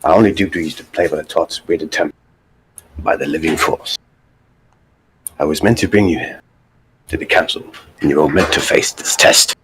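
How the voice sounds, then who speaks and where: A man voicing a calm, wise older Jedi master who speaks in a measured, solemn way. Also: rumbling low, slight background noise, low-quality recording.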